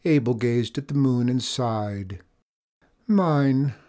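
A man narrating a children's storybook in a measured, expressive reading. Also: mid-range voice.

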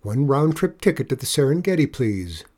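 A man's voice: medium pitch, very animated, normal speed, darkish tone. A man reading a storybook aloud and voicing an earnest, polite young boy who sounds timid and pleading.

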